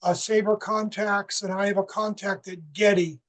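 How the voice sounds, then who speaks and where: A man's voice: sits high, little pitch movement, normal speed, a bit bright, low-quality recording. A man, an author, answering audience questions thoughtfully with some hesitation. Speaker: author presenting his work.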